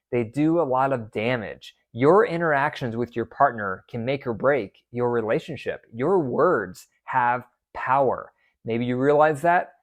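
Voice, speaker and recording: A man hosting a marriage advice podcast as a therapist, talking with emphasis and often repeating key phrases. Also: mid-range voice.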